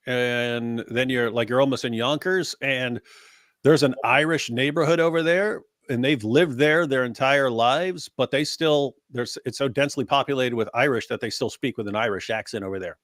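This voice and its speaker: A man co-hosting a live stream, joking and telling animated stories in casual chat. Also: mid-range voice, no echo, studio quality. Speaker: co-host of a live talk stream.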